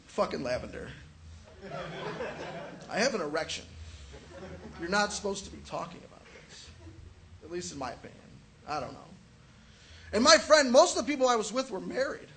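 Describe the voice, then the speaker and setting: A man's voice: high voice, very animated, normal speed, pauses often, background noise. A young man doing a stand-up comedy set, telling crude, profane stories and acting out quotes. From Chicago area.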